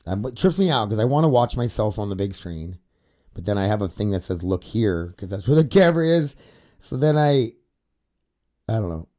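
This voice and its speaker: This young man, a podcaster, has a lowish, warm, sing-song voice and a brisk pace. Sitting on an indoor studio set facing a camera, he gives a candid confessional vlog full of rambling, swearing, and fillers, sometimes turning tearful.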